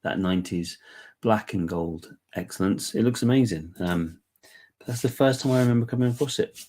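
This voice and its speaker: A man casually hosting a whisky giveaway livestream, chatty and relaxed with lots of ums, a bit bunged up from a cold. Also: lowish voice, moderate pace, slight background noise. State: congested, bunged up. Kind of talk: casual live chat.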